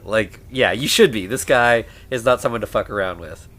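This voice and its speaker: A man co-hosting a podcast, casually recapping a film and acting out the characters' lines in a lively way. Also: fairly low pitch, normal speed. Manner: animated, acts out characters' lines while retelling. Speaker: podcast co-host. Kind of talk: casual movie recap chat.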